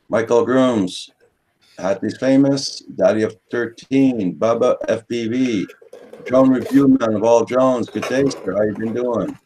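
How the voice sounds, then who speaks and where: A man's voice: mid-range voice, darkish tone. Man hosting a live chat. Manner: welcoming, reading out chat names. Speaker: host.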